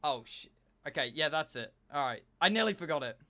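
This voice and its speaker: A man's voice: a little high, brisk, no room sound. A young man, a streamer, chatting casually and joking back and forth with his live chat. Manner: animated, joking banter with chat.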